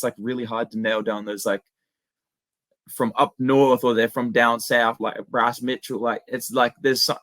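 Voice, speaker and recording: A young man with an Australian accent chatting casually as an interview guest, slangy and relaxed. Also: mid-range voice, no echo. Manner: laid-back, slangy, says "man" and "bro" a lot. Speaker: guest, MMA YouTuber.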